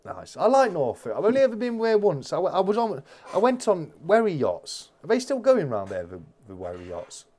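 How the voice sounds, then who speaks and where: A man's voice: high-pitched, wildly swooping pitch, a little fast, few pauses, warm tone. A man hosting a casual live-stream chat, reading out viewer comments and rambling with many restarts.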